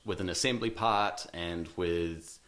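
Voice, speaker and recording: A man's voice: deep voice, unhurried, a bit bright. A man in his thirties with a New Zealand accent, an interview guest talking casually and hesitantly, with many ums and restarts.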